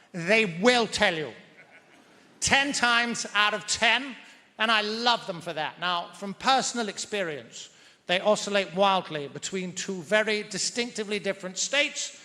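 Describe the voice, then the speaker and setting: Brief: mock-grand British stand-up comic, high pitched, stage mic in a big hall. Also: male voice, lively intonation, unhurried, pushed and bright. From Britain. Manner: mock-pompous, verbose. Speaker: stand-up comedian. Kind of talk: stand-up comedy. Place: large theatre stage. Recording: reverberant theatre hall.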